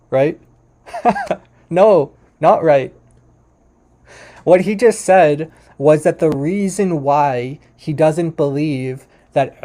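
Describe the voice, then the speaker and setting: A man's voice: on the high side, mellow. A man hosting a commentary on a video, explaining and correcting points patiently at his computer. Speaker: host.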